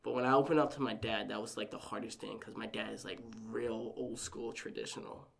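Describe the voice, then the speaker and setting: Gravelly young man telling a story. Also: on the low side, fairly even intonation, brisk, fairly bright tone. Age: young adult. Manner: rambling storytelling full of "like", acting out quoted family members. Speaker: podcast guest. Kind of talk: casual podcast conversation.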